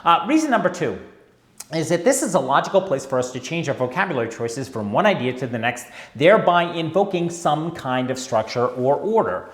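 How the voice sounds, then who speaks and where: A tango teacher leads a dance lesson in an instructional video, his fairly high, sing-song voice moving at a brisk clip. He's chatty and wry, checking in with viewers often. The room sounds echoey.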